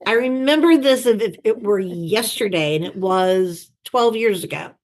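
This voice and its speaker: A middle-aged woman and former chief of staff, telling lively anecdotes and acting out the people she quotes. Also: mid-range voice, normal speed. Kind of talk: storytelling in an interview. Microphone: video call.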